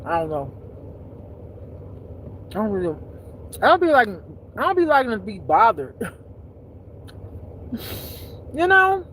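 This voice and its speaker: Slow-talking woman, casual and profane. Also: medium pitch, very animated, fairly bright tone, a little hiss or hum, low-quality recording. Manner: loose, profane storytelling, laughing often at her own jokes. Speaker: spiritual teacher streaming live. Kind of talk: casual unscripted chat.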